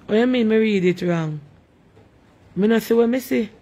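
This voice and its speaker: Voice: medium pitch, moderate pace, warm tone, lo-fi sound. A live-stream host with a Jamaican accent, casually chatting and sharply scolding commenters with repeated rhetorical questions.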